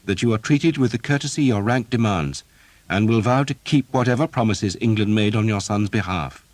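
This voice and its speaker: A man's voice: on the low side, moderate pace, a little mellow, dry recording, voice pushed up, close to an everyday voice. A man reading an audiobook, voicing a confident young prince who questions people sharply and speaks with courtly manners. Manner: demanding, then gallant.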